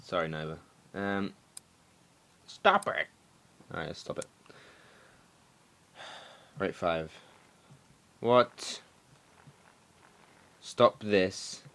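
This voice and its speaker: A young man doing let's play commentary, excitable and swearing, shouting at the game. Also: sits low, extremely slow, long pauses. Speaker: gaming commentator.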